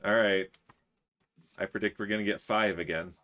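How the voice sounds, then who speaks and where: A man's voice: on the low side, fairly even intonation, moderate pace, pushed and bright. A man streaming a building game, chatting casually, teasing his friends and chuckling often as he reads chat aloud.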